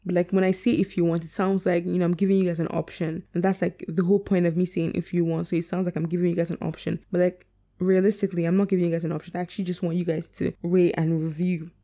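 A young woman hosting a podcast, rambling chattily through her outro, self-deprecating, swearing casually and slurring words as she rushes. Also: lowish voice, little pitch movement, mellow. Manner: fast, slurred enunciation. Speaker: podcast host.

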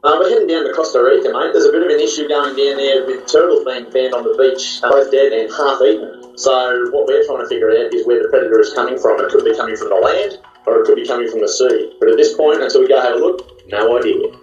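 A man with an Australian accent, a guest on a video call, relaxed and dryly humorous. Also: mid-range voice, fast. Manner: laid-back, dry humour, says mate often. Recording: roomy, distant, dull video-call audio.

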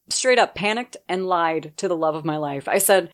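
Excitable woman telling a personal story. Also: on the low side, normal speed. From Nebraska, USA. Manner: excitable, swears freely, laughs through her story.

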